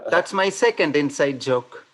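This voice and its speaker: A man from India with an Indian accent, performing a stand-up set of deadpan one-liners over a video call. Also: a little high, a little slow. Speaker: stand-up comedian. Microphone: computer mic on a video call.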